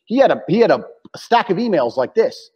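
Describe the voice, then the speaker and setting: A man's voice: sits high, big pitch swings, brisk, husky. A man in casual chat as a podcast guest, blunt and provocative, swearing and acting out the voices of people he quotes. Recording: dull lo-fi audio with long reverb.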